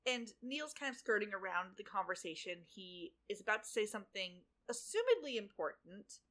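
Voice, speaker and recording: Woman podcast co-host; chatty, sarcastic storyteller with a bright, expressive voice. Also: medium pitch, normal speed. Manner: animated storytelling, sarcastic asides. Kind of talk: casual recap chat.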